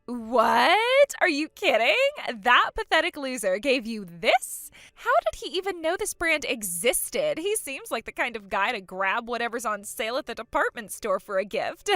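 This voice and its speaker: Casting: a woman playing a spoiled, mocking younger sister, high bright voice, lots of bounce. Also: very animated, normal speed, hardly any pauses, no room sound. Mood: gloating. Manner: gloating, taunting, giggly. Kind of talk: acted story dialogue.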